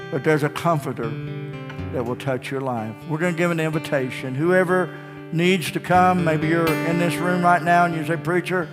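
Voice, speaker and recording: Folksy male pastor, slightly high voice, live church sound with long reverb and soft guitar behind. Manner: folksy storytelling preacher, jokes with the congregation. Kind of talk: sermon. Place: church sanctuary.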